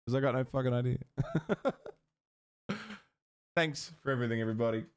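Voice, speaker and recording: A man's voice: mid-range voice, brisk, clear, resonant tone. A man from Australia with an Australian accent, a live streamer chatting casually with his viewers in a joking, sweary way.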